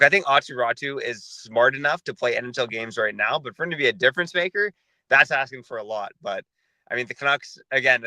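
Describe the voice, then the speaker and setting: A man hosting a sports podcast, talking in a measured, analytical way. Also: medium pitch, pushed and bright, no room sound, rough recording. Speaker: podcast host.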